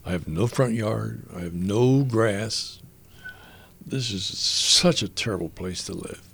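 An older man, a guest in an interview, telling a personal story earnestly and reflectively, halting with frequent restarts. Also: on the low side, vocal fry, fairly bright tone, husky.

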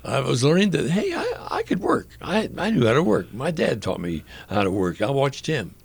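Older male interview guest, gravelly voice, earnest and reflective storyteller, halting delivery with restarts. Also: mid-range voice, huge pitch swings. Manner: halting, with frequent restarts and fillers. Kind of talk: personal storytelling in conversation.

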